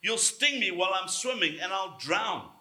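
A man's voice: high-pitched, very animated, normal speed, sharp tone, exaggerated voice. A man voicing a wary turtle in a told fable, questioning and pleading, in an echoey room.

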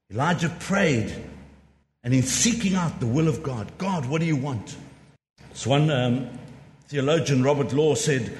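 Lively male preacher in an echoey hall. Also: medium pitch, a little hiss or hum. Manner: emphatic, repeats key lines, asks rhetorical questions. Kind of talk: sermon. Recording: echoey hall with long reverb.

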